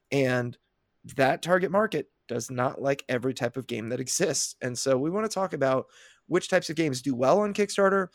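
A male podcast host talks in an energetic, chatty way and often restarts his sentences. His voice has a gravelly, fry-laden edge. The sound is close and dry, with no room around it. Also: medium pitch, dry recording. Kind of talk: casual podcast discussion.

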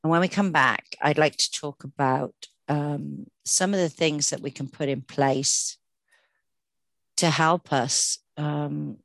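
A woman with a low voice co-hosts a podcast in casual, earnest chat, often restarting her sentences. The sound is dry and close to the mic. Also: steady tone, slow, vocal fry, no room sound. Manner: earnest, chatty, many fillers and restarts. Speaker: podcast co-host.

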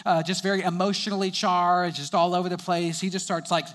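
A young man preaching, with a voice pitched a little above most men's. He tells stories in a sermon and keeps breaking into light chuckles between his sentences. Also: level tone, a little fast, a bit bright.

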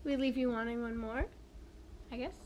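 A woman's voice: on the high side, fairly even intonation, normal speed, darkish tone, lo-fi sound, a little hiss or hum. Chatty young woman, faint room ambience. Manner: upbeat, chatty, many fillers. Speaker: band member, interview guest. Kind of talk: casual interview.

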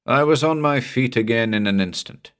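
A man reading a horror story aloud in a measured, dramatic storytelling manner. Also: mid-range voice, clear, resonant tone. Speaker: audiobook narrator.

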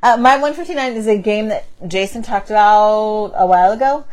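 Woman cohost chatting about board games, laughs a lot, pokes fun at herself, mid pitch. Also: lively intonation, fairly quick. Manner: chatty, self-deprecating, laughs often. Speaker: board game podcast co-host. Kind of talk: casual chat. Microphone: on camera, table mic.

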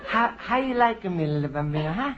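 A man's voice: sits high, expressive, brisk, over a noisy crowd. An actor playing a kindly, flustered Italian immigrant man with a heavy accent and broken English in a 1950s radio sitcom. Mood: pleading. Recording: 1950s radio broadcast, dull, hissy, studio audience laughter.

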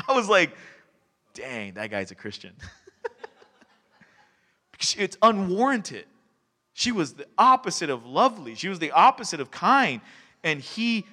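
A male pastor giving a sermon in a conversational, animated way, telling stories and laughing along the way. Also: sits high. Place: church sanctuary. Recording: long reverb of a church hall.

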